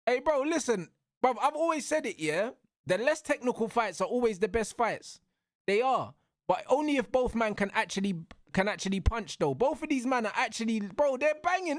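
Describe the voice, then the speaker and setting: A young man calls a fight live for his stream, excitable and full of slang, barking at the referee. His voice sits high, and the sound is close and dry with no room around it. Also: moderate pace, dry recording. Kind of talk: live fight watch-along commentary.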